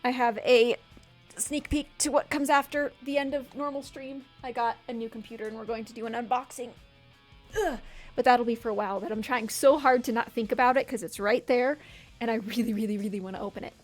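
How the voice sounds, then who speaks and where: A woman's voice: fairly high pitch, fairly even intonation, fairly quick. A woman streaming a video game with chatty, giggly, self-mocking casual commentary. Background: faint background music.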